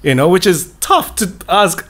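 A man in casual conversation about films, swearing freely and mimicking actors with animated delivery. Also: high-pitched, moderate pace. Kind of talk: casual film chat.

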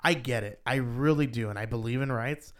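A man co-hosting a podcast, chatting casually and rambling with lots of "like", his voice rising when he gets worked up. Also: a little fast. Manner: rambling, heavy use of "like", rises in pitch when animated. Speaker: podcast co-host. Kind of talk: casual chat.

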